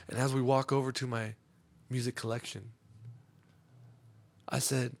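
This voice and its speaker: A middle-aged man on a comedy podcast telling a profane story, swinging between loud outbursts and muttered asides. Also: medium pitch, steady tone, normal speed, gravelly, pauses often. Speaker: podcast host.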